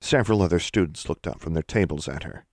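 A man narrating a story in a measured, expressive way, recorded on a close mic. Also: low-pitched, no echo. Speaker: audiobook narrator.

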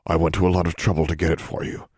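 A man voicing a mocking, menacing young man with a low, growling, derisive manner in an audiobook. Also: little pitch movement, very fast, a little mellow, dry recording, clean studio sound. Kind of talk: audiobook character voice.

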